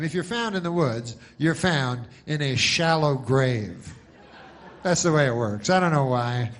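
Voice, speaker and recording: A man doing stand-up comedy, telling a long story in a deadpan, rambling way. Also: medium pitch.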